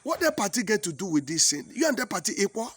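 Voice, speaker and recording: High-voiced Nigerian man telling a comic tale. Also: fast talker, husky. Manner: animated and exclaiming, with repetitions. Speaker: comic storyteller. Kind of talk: comic monologue in pidgin English.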